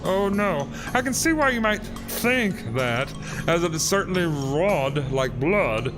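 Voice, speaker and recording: A creepy, cheerfully sinister innkeeper with a heavy lisp and strangely stressed words, as a man puts him on while reading a game aloud. The voice sits well up high, over faint game music. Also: big pitch swings, slow. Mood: smooth denial. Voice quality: exaggerated lisp. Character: creepy lisping male innkeeper, butcher family.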